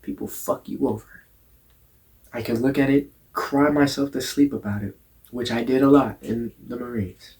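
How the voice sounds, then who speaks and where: A man's voice: medium pitch, fairly even intonation, moderate pace, darkish tone. Blunt, cussing young man telling a story. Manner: profane, blunt, stammers and repeats words. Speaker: vlogger. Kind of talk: candid storytelling monologue.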